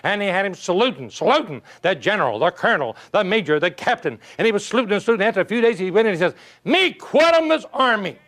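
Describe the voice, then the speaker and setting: A man's voice: sits high, racing, hardly any pauses. An older man giving a motivational speech, telling folksy stories and asking his audience rhetorical questions. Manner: animated, folksy storytelling with rhetorical questions and chuckles. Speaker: motivational speaker.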